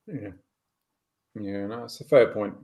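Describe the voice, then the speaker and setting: A man's voice: on the low side, unhurried, dark tone. An English man hosting a sports podcast, talking casually and hedging with "sort of". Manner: hedging, says "sort of" often. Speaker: podcast host. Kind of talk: casual chat.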